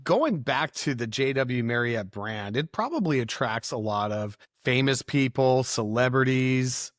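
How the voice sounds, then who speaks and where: A man's voice: medium pitch, animated, measured pace, no room sound, studio quality. A man hosting a podcast, asking questions in an easygoing way and often chuckling and affirming. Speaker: podcast host. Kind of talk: casual interview.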